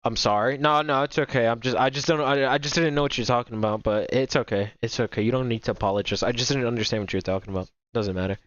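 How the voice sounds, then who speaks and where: A young man reacting to a game and talking to his viewers, stumbling over repeated words and apologizing often. His voice sits in an ordinary middle pitch. The sound comes through a dull, lo-fi home microphone. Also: fast, hardly any pauses, a bit bright. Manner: rambling, repetitive, apologetic. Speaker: gaming streamer. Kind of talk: casual reaction commentary while chatting with viewers.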